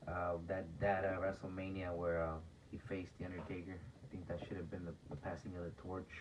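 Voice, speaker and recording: Deep-voiced hesitant man, distant mic. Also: flat delivery, fairly quick, highs cut off. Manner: hesitant, repeats words and says "uh" a lot. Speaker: podcast co-host. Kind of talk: casual wrestling review chat. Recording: distant mic with clear background noise.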